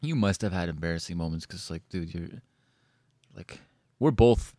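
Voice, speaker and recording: A man telling a story in casual chat, animated and full of swearing, likes and restarts. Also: sits low, normal speed, no echo, clean studio sound.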